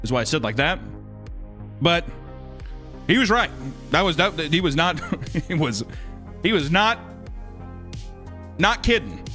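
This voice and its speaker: A man's voice: fairly high pitch, big pitch swings, measured pace, long pauses, pushed and bright, faint music behind. A man chatting casually on a live stream while drawing, rambling and joking with crude humor.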